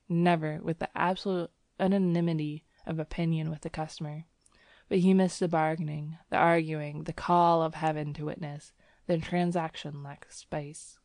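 Low-voiced woman reading a story. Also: a little mellow, dry recording, clean studio sound. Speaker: audiobook reader. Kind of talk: scripted narration.

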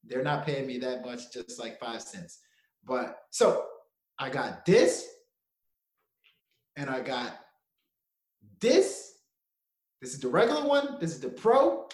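A man's voice: mid-range voice, slow, pauses often. A young man co-hosting a podcast, telling a story in casual chat and acting out quotes with frequent laughter. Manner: animated storyteller, laughs often, acts out quotes. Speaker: podcast co-host. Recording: echoey room.

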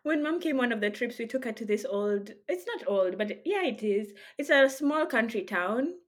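A woman's voice: a little high, lively intonation, moderate pace. A woman co-hosting a podcast, from Kenya, talking in a playful, chatty way and laughing often. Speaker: podcast co-host. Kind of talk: casual chat among friends.

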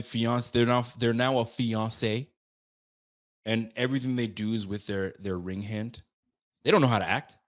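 Animated trash-talking sports show man. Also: medium pitch. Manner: animated, emphatic, ranting, trash-talking, often repeats himself. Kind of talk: casual sports talk show.

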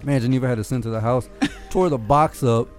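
Man, casual chat, profane storyteller, laughs a lot, middle pitch, faint music behind. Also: brisk.

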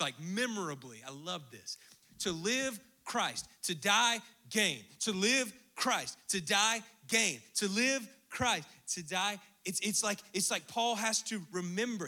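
A man preaching a sermon, swinging from hushed asides to emphatic, rhythmic declarations. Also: high voice. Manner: animated preaching, dropping to near-whispers and rising to emphatic bursts. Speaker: pastor.

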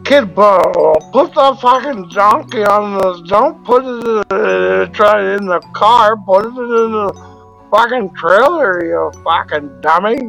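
A man's voice: high-pitched, unhurried, gravelly, pushed and bright, soft background music, heavily acted, poor audio. A man voicing a crude, sleazy clown who rambles with constant swearing. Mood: rambling. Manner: profane, rambling, whiny.

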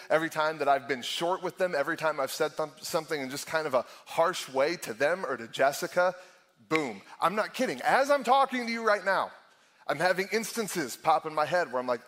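A man's voice: fairly high pitch, fairly bright tone. A middle-aged man preaching a sermon as lead pastor, candid and self-deprecating, often laughing and acting out his own thoughts.

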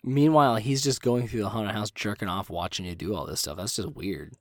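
A man's voice: fairly low pitch, brisk, no echo, studio quality. A man co-hosting a podcast, telling stories animatedly, swearing freely and acting out the quotes. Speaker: podcast co-host. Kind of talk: casual storytelling chat.

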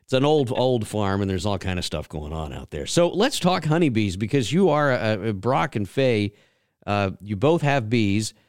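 A man's voice: lowish voice, lively intonation, moderate pace, clean tone, no echo, studio quality. A man from Georgia, hosting a talk show in a folksy, rambling, storytelling way. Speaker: radio show host. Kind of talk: casual chat.

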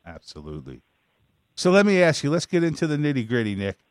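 A man's voice: a little high, huge pitch swings, quick pace, darkish tone, clean tone, no room sound. A man hosting a casual interview show, emphatic and agreeable, swearing casually. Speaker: show host.

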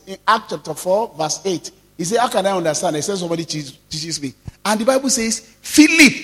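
Emphatic pastor preaching in a hall. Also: male voice, high-pitched. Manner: emphatic preaching, calls out to the congregation, drawn-out stressed words. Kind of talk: sermon.

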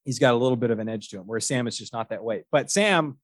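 This man hosts a podcast and speaks quickly at a medium pitch on a dry recording. Chatting casually, he rambles through his stories with plenty of fillers and false starts, laughing a lot as he goes.

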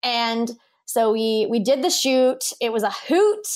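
A woman's voice: on the high side, lively intonation, takes it slowly, darkish tone. A young woman, a wedding photographer guest on a podcast, telling a story in a bubbly casual way, laughing often and saying "like" a lot.

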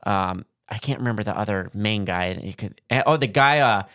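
A man's voice: on the low side, normal speed, fairly bright tone. A man co-hosting a casual podcast, easygoing and often trailing off while he searches for words. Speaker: podcast co-host.

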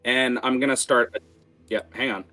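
A man's voice: medium pitch, fairly even intonation, moderate pace, bright, forceful tone, faint music behind. A man narrating a tabletop game as game master, casual and full of fillers and restarts.

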